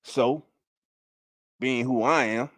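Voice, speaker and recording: Guy hosting a fan stream at home, hammering points over and over, shouting out the chat, dry close sound. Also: medium pitch, slow, no room sound. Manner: emphatic, repeats key lines; hands out shout-outs to chat. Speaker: fan show host. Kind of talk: casual livestream commentary. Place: home livestream setup.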